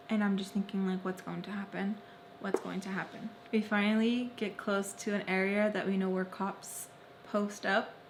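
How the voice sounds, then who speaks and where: A young woman vlogger telling a personal story, repeating phrases intensely and swinging between loud and soft. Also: mid-range voice, slight background noise. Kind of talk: emotional story-time narration.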